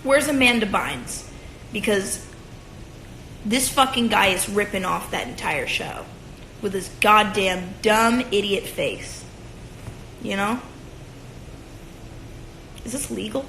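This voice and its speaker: Streaming from her room on a phone held at arm's length, this livestream host in her twenties rants casually and with profanity, adding sarcastic sung bits. Her mid-range voice is expressive, pushed and bright, and she takes it slowly with long pauses. The echoey room has a little hiss or hum.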